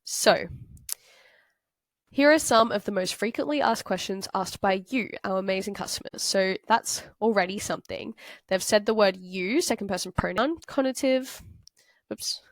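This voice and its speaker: A woman's voice: medium pitch, normal speed, dry recording. A young woman from Australia tutoring, talking through a worked example in a chatty way, thinking aloud with fillers and self-corrections. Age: young adult.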